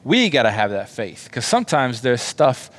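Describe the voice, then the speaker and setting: A man's voice: medium pitch, big pitch swings, normal speed, a bit bright. A man telling a Bible story to children in a casual, slangy way, acting out the quotes. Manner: chatty, slangy, acts out quotes. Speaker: children's ministry teacher.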